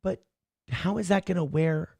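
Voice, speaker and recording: A man hosting a comedy talk show, reacting to clips with sarcastic, profane commentary and animated storytelling. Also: a little high, normal speed, gravelly, husky, soft background music. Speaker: morning show host.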